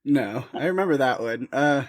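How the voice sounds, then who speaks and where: A man co-hosting a podcast talks in a very lively voice that swings up and down as he speaks. He keeps giggling and poking fun at himself, laughing through his words until tears come. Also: mid-range voice, moderate pace. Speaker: podcast co-host. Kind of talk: casual podcast chat.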